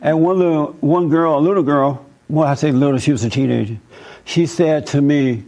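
A man hosting a talk show, telling an animated, emphatic story and preaching in a casual, fervent way. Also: on the high side, moderate pace, muffled recording.

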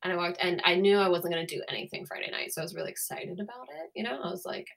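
A woman's voice: lowish voice, rapid-fire, gravelly. A woman co-hosting a podcast, telling rambling, chatty stories in casual conversation. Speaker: podcast co-host. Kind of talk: casual chat.

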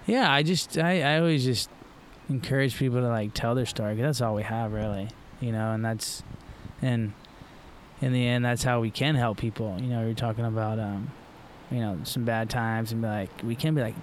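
Middle-aged florida guy rambling on a podcast, tons of fillers, normal pitch, faint noise behind. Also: normal speed. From Florida, USA. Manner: loose and rambling, full of fillers and restarts. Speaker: guest, professional surfer. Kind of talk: casual podcast conversation.

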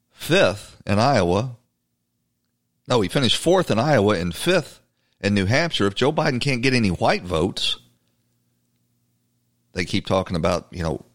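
A man with a low, deep voice delivers a talk-show monologue. He is emphatic and conversational, often repeating words as he restarts a thought. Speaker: podcast host. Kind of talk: political commentary monologue.

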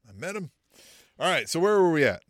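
A man's voice: fairly high pitch, very animated, brisk, a bit bright, no room sound, clean studio sound. A man co-hosting a casual wrestling podcast, joking and easygoing, cursing freely. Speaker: podcast co-host.

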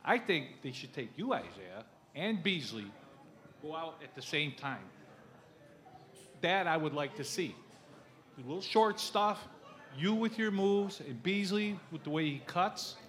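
A man's voice: on the high side, expressive, unhurried, a bit bright. Hesitant man asking a question. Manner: hesitant, many "uh"s. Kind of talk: question from the audience. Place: restaurant during a live show.

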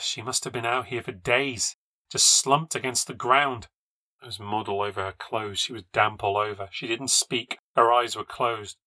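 For a podcast, a man reads a first-person ghost story aloud in a measured, low-key voice that rises when the tension builds. His tone is sharp, and there's no room sound.

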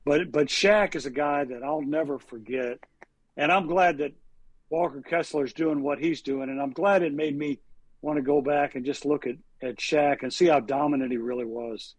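A man's voice: a little high, moderate pace, dry recording. A man co-hosting a casual sports talk show, telling rambling anecdotes packed with statistics and fillers. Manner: rambling, stat-heavy storytelling with frequent fillers. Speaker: sports reporter and co-host.

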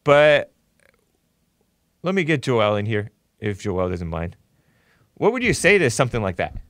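A man's voice: medium pitch, big pitch swings, a little slow, fairly bright tone, no room sound, studio quality. A man hosting a talk show, giving opinionated commentary with a mocking tone and frequent chuckles. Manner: mocking, chuckles often while reading posts.

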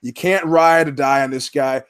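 A man's voice: medium pitch, steady tone, moderate pace, clean tone. A man hosting a podcast in casual commentary, emphatic and profane, repeating words for punch. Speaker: podcast host.

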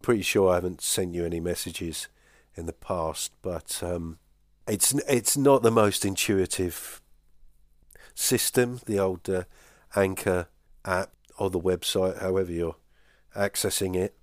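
A man with a very low voice hosts a podcast, answering listener messages in a relaxed, halting way. He pokes fun at himself between fillers. The sound is dry and close. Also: no echo. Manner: hesitant and self-deprecating, with many fillers. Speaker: podcast host.

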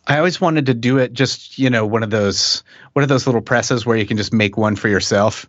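A middle-aged man, a musician guest, telling stories in a relaxed, chuckling way with many restarts. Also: medium pitch, a little fast, dry recording. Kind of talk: casual interview chat. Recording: dull dry podcast audio.

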